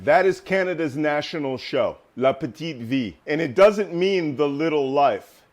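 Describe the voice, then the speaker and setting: A man guest in a casual interview, telling lively stories and laughing often. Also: a little high, unhurried. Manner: animated storyteller, laughs often.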